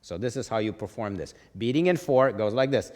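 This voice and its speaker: A man's voice: mid-range voice, expressive, fast, a little mellow, big-room sound. A man teaching a music theory lesson, explaining patiently and checking in with "okay?" after each point.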